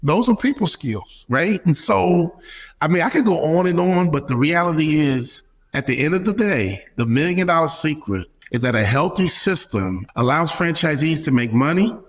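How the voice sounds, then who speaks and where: A man's voice: a little high, lively intonation, normal speed. A middle-aged man speaking emphatically as an interview guest, acting out quoted voices with a preacher-like rhythm. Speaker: guest speaker, former pro athlete and business advisor. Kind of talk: animated interview talk.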